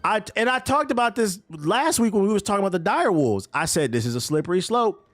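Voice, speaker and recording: A man's voice: sits high, fairly quick, dry recording. A man streaming a game, chatting casually and profanely with his chat while he plays. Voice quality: profane, loose and animated.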